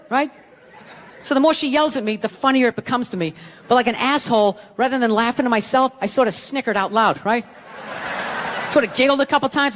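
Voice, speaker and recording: A man's voice: very high voice, quick pace, fairly bright tone. A man doing a stand-up comedy routine, telling a story as a profane, ranting storyteller. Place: theater stage before a live audience. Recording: echoey hall with crowd laughter.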